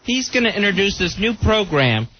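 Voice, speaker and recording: A man co-hosting a talk radio show, dropping dark jokey asides into the banter. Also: high-pitched, sing-song, moderate pace. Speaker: radio co-host. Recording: muffled radio broadcast with hiss.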